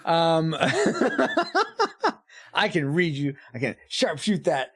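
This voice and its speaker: A man's voice: fairly high pitch, very slow, husky. A man hosting a casual podcast chat, laughing often and joking with his co-hosts. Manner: laughs often, lively and playful. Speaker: podcast host.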